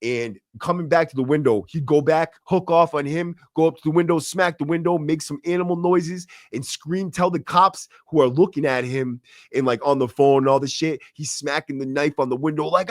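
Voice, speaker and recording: A man's voice: medium pitch, fairly quick, dry recording, clean studio sound. A man hosting a podcast, telling stories in a casual, profane, slangy way, and acting out the voices of the people in them. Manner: profane, slangy, excitable, acts out quotes. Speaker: podcast host. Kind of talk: casual storytelling.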